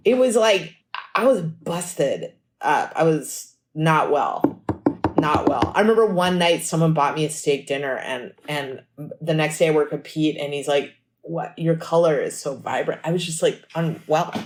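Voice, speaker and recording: A woman musician telling stories in a casual podcast interview, lively and chatty, acting out what people said. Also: low voice. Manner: animated storytelling, acts out quotes; fast and chatty, frequent "like". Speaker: musician guest.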